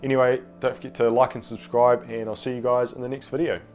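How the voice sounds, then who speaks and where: A man's voice: mid-range voice, level tone, quick pace, a little mellow, soft background music. Nasal man with a cold, rambling. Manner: rambling, hesitant, many fillers and restarts. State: has a cold. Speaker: film review channel host. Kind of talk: casual video review.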